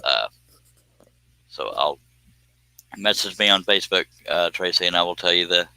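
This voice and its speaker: A low-pitched man with a drawl chats to viewers of his woodworking live stream. He is folksy and self-mocking, and his voice has a bright, forward edge. The dry, close sound suggests a mic right in front of him in a home workshop. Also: moderate pace, clear, resonant tone, no echo. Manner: folksy, joking, reads viewer comments aloud. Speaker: woodworking livestream host. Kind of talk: casual live stream chat.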